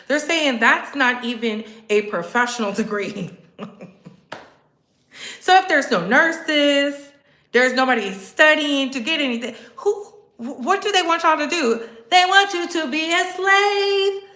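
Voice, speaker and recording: A woman's voice: high-pitched, expressive, a little slow, pushed and bright, reverberant. A woman vlogger giving mocking, sarcastic political commentary, repeating lines for emphasis and laughing between them.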